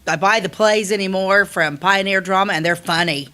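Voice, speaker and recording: A woman co-hosting a podcast, chatting in an animated way with frequent restarts. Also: medium pitch. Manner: animated, quick to laugh, restarts often. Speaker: podcast co-host and play director. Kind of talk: casual chat.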